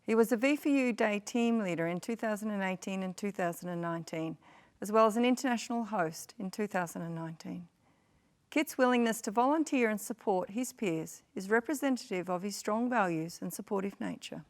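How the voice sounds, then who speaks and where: A woman reads a formal introduction of the next speaker at a ceremony. Her delivery is measured and composed. Her pitch is moderate, neither high nor low. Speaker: ceremony presenter.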